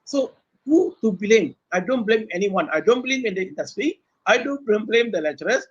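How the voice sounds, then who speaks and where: A middle-aged man with a Malaysian English accent, a professor speaking on a webinar panel, animated and full of rhetorical questions aimed at his fellow panelists. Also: sits high, normal speed, husky. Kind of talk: unscripted panel talk. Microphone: webinar video call mic. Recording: dull lo-fi webinar audio.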